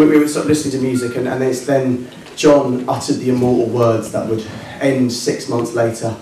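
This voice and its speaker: A man's voice: mid-range voice, noisy background. A young adult man telling a comic story on stage in a self-mocking, hesitant way, with ums and restarts. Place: working men's club stage, indoors. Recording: echoey club with distant mic and audience. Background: live audience.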